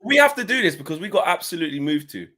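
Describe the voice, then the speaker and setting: A man chatting on a football fan stream, slangy and excitable. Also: fairly high pitch, racing. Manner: animated and slangy. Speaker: football fan show panelist. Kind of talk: casual fan chat.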